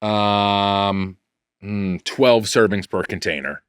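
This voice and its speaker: A man's voice: on the low side, slow pace, smooth, no echo, studio quality. A man co-hosting a casual podcast, guessing in a quiz and repeating words as he thinks. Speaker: podcast co-host.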